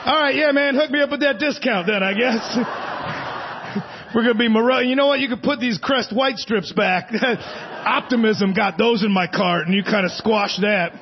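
Stand-up comic in his forties, high voice, rambling and self-mocking, dull lo-fi live theater recording. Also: unhurried, slight background noise. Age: 40s. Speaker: stand-up comedian. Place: theater stage. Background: audience laughter.

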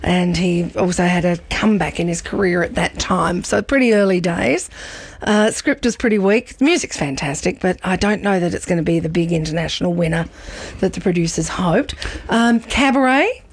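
A woman chatting on the radio about theatre, animated and quick to laugh, with many ums and restarts. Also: fairly low pitch, breathy edge. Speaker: radio presenter and arts reviewer. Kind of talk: casual radio chat.

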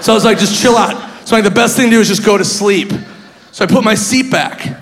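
A man doing stand-up, telling a story with animated laughter and sudden shouted bits. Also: high voice, quick pace. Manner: animated, laughing, bursts into loud shouted impressions. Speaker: stand-up comedian. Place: comedy club stage. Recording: reverberant hall with faint crowd and noise.

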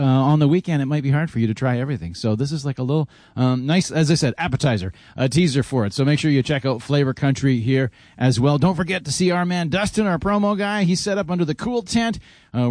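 A man hosting a live radio broadcast from an outdoor parking lot, chatty and energetic, hot and out of breath. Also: on the high side, no echo, studio quality. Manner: energetic, chatty, upbeat plugging. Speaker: radio host doing a live remote. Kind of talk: live on-location radio promo.

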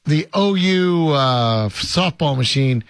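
A man's voice: on the high side, lively intonation, slow pace, clean tone, no room sound. A man from hosting a casual sports talk show, chatting with many fillers and emphatic repeats. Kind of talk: casual sports radio chat.

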